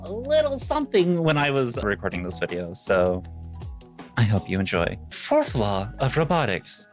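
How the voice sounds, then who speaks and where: A young adult woman from Missouri, a VTuber streamer rambling playfully through casual commentary on memes. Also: rumbling low. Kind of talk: casual meme-reaction commentary.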